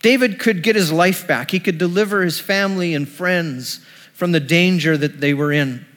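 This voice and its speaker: A man's voice: high-pitched, moderate pace, a bit bright. Man preaching in a reverberant hall. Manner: storytelling retelling of a scripture passage. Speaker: pastor. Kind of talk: sermon.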